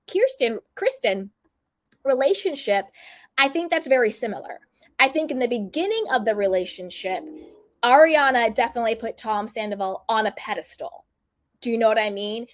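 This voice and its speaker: A woman giving casual, opinionated commentary on reality TV, now and then acting out quotes in put-on voices. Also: a little high.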